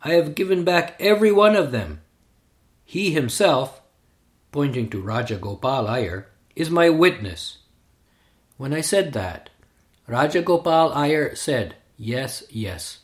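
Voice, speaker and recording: Guy reading a memoir out loud, slow and careful, voice sits a bit high. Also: expressive. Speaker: reader. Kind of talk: scripted narration of a memoir.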